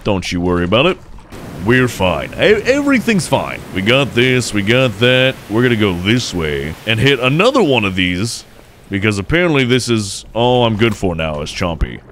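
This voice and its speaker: A young man giving jokey, excitable let's play commentary as he plays, cheering on his fish and breaking into shouts. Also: medium pitch, moderate pace, a little hiss or hum. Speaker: gameplay commentator.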